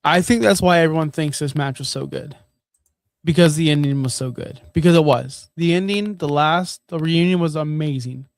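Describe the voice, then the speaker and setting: A man's voice: on the high side, moderate pace, vocal fry, no echo. A man co-hosting a wrestling podcast, laid-back and joking, swearing and calling people brother. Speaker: podcast co-host. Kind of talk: casual wrestling podcast chat.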